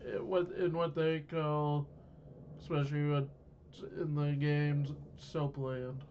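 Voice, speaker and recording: A man's voice: on the high side, flat delivery, takes it slowly. A man in a casual chat, adding brief explanatory remarks. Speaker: podcast co-host. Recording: dull, faint noise.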